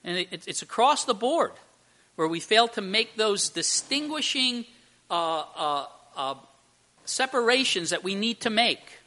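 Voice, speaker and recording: A man's voice: high-pitched, lively intonation, measured pace, sharp tone. A man preaching a sermon, telling a joke and then explaining a Bible passage, with frequent restarts and emphatic stresses. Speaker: pastor.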